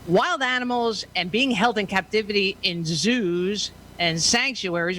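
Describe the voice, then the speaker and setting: Brash, bright-voiced woman talk-show host. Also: medium pitch, a little hiss or hum. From United States. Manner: brash, playful, swears freely. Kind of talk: casual talk show hosting.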